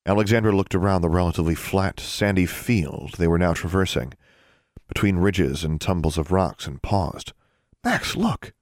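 A man narrating a fantasy audiobook in a measured, expressive reading. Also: low voice, no room sound, studio quality. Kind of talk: scripted narration.

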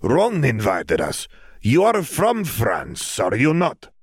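A man playing a slow, formal foreign schoolboy. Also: mid-range voice, sing-song, creaky, a bit bright, no echo, clean studio sound, pitched above the performer's own voice, exaggerated voice. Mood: earnest. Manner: slow, careful, halting non-native English. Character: brooding teenage boy, foreign student, formal.

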